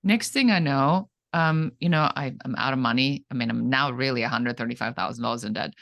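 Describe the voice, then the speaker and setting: A middle-aged businesswoman from Germany recounts her comeback as an interview guest. Her delivery is animated and dramatic, with pitch jumping up when she acts out what people said. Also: a little fast, gravelly. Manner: animated, dramatic storytelling with acted-out quotes. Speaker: guest, entrepreneur. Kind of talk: storytelling in an interview.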